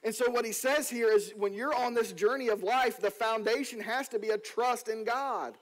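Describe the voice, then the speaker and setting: A male pastor delivering a sermon, telling stories earnestly and slowing down to read scripture. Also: very high-pitched, fairly even intonation, rough recording. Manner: earnest storytelling, slows down on scripture.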